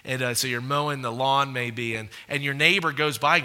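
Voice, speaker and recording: A male pastor preaching a sermon in an animated, conversational way, often asking the audience questions. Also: medium pitch, a little fast, few pauses. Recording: echoey hall reverb.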